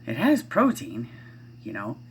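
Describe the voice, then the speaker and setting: A woman's voice: a bass voice, wildly swooping pitch, unhurried, slight background noise. A middle-aged woman vlogging at home, chatting casually in a rambling way with lots of fillers and restarts. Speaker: parent vlogger. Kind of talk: casual chat to camera.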